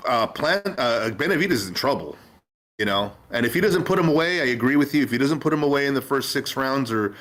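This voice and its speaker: A man's voice: mid-range voice, lively intonation, fast, fairly bright tone. A man chatting casually on a podcast, hesitant, with frequent fillers and restarts. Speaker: podcast panelist. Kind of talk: casual chat.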